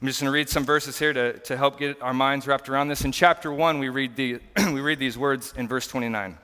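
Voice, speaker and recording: A man's voice: mid-range voice, fairly even intonation, brisk, sharp tone, smooth. A man preaching a conversational sermon as a pastor, earnest and explanatory as he walks through scripture in a church. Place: church sanctuary. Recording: long church reverb.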